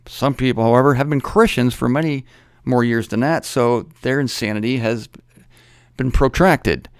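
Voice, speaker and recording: A man's voice: medium pitch, normal speed, clear, resonant tone, no echo, studio quality. Chatty middle-aged man teaching the Bible. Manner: conversational, self-correcting, joking asides.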